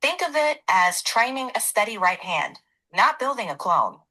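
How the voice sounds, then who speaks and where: A woman's synthetic AI assistant voice, giving calm, scripted advice in an even delivery. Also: fairly high pitch, moderate pace, low-quality recording.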